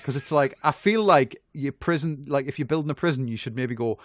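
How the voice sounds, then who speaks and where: A man's voice: medium pitch, fairly quick, few pauses, dry recording, clean studio sound. A man on a podcast, going off on sweary, complaining tangents. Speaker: podcast co-host. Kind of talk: casual podcast chat.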